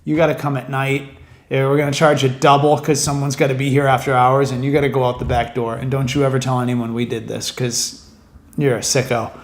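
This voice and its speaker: A man putting on a hushed shady salon worker. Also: medium pitch, little pitch movement, brisk, pitched below the performer's own voice, natural voice. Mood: conspiratorial. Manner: hushed, conspiratorial. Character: furtive male salon worker striking a shady deal.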